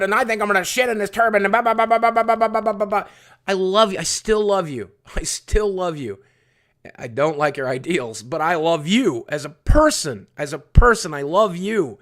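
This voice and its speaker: A man's voice: sits high, a bit bright. A young man streaming live, rambling and swearing as he answers chat messages and repeats himself. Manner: rambling, profane, repeats phrases. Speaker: livestreamer. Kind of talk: casual rant to live chat.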